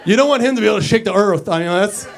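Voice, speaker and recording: A man's voice: sits high, racing, some chatter behind. Brash, profane stand-up comic man. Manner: brash and profane, swinging between loud bursts and mumbled asides. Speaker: stand-up comedian. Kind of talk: stand-up comedy set.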